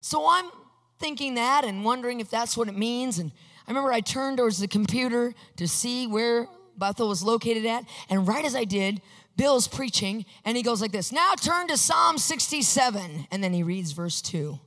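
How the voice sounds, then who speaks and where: Animated woman preaching in an echoing hall. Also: fairly high pitch, moderate pace. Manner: animated storyteller acting out dialogue; bursts into excited shouts. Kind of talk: testimony sermon. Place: large hall with a screen. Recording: long hall reverb.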